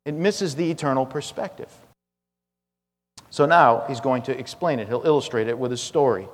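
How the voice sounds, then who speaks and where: A male pastor preaching an expository sermon, with emphatic, repetitive phrasing that swings between loud and hushed. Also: medium pitch, moderate pace. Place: church sanctuary. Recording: long reverb of a church hall.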